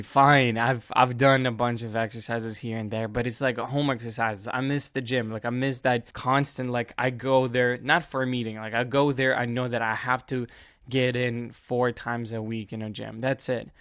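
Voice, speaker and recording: A man's voice: medium pitch, a bit bright, clear, resonant tone, no echo, studio quality. A man hosting a casual solo sports podcast, rambling and chatty, often laughing at himself. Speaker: podcast host.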